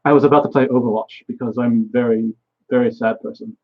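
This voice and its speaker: A man's voice: medium pitch, fairly even intonation, brisk, narrow, tinny audio. A young man vlogging a rambling solo monologue, swearing often and trailing off mid-thought.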